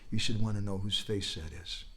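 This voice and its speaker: A man giving a storytelling sermon at a religious festival, animated, leaping up in pitch and volume when he quotes someone, with humorous asides and prompts like "huh?" to his listeners. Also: brisk, slightly rough. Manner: animated, leaps high and loud when quoting and crying out.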